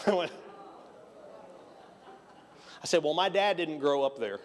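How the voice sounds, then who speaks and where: A man's voice: a little high, big pitch swings, drawn-out words, pauses often. A middle-aged Texan man preaching a conversational sermon, telling a personal story and acting out the dialogue with self-deprecating humor. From Texas. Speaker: pastor. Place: church sanctuary. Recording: church hall reverb.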